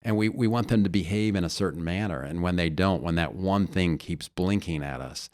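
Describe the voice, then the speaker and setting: A man's voice: low-pitched, a little fast, darkish tone, dry recording, studio quality. A man coaching on leadership in a podcast conversation, earnest and explaining through stories and analogies.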